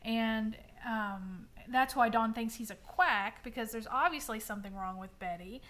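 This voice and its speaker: Woman calmly explaining a TV plot. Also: a little high, moderate pace. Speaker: podcast co-host. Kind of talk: casual chat recapping a TV episode.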